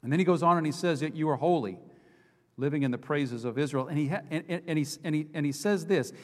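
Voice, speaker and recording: Guy preaching a fired-up sermon, kinda higher voice, stumbles and repeats himself, big echoey church. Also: quick pace. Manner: impassioned preaching with repetitions and restarts. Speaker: pastor. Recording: long hall reverb.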